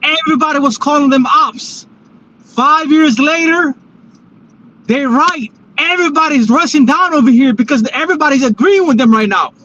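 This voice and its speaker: A man's voice: very high-pitched, moderate pace, pushed and bright, highs cut off. A man joining a casual livestream panel, speaking in a loose, apologetic way and repeating his phrases. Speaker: panel guest.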